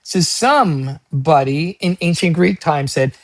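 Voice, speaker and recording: A man teaching an SAT math lesson, energetic and chatty, asking questions and answering them himself in casual slang. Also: fairly high pitch, unhurried, dry recording. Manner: energetic, asks and answers his own questions.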